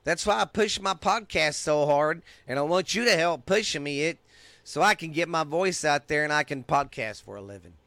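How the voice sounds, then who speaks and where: A fired-up, middle-aged Texan man rants into the mic, swearing freely and getting more heated as he goes. His voice is bright and forceful, a little higher than most men's, and the sound is dry and close. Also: lively intonation, normal speed, dry recording. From United States. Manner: angry, profane, heated. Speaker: podcast host. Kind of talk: ranting monologue.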